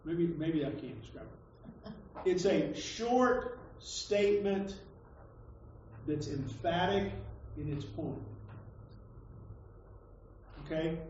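Pastor, male, high-pitched, chatty sermon delivery with stammered restarts, in a booming echoey room, faint hiss. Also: animated, slow pace, pauses often, a little mellow, distant mic. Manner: conversational, stammers and repeats words, emphatic. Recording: echoey hall, dull lo-fi sound.

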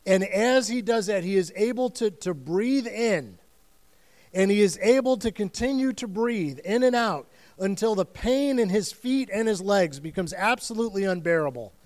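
A man's voice: high-pitched, animated, moderate pace, a little mellow. A man preaching a sermon as pastor, telling the story in earnest and vivid detail and repeating phrases for weight.

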